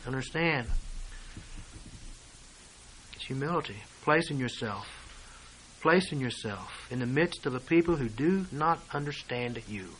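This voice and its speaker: A man preaching a sermon, reading and explaining scripture verse by verse and swinging between hushed asides and loud declarations. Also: medium pitch, animated, measured pace, pauses often, a little hiss or hum, low-quality recording.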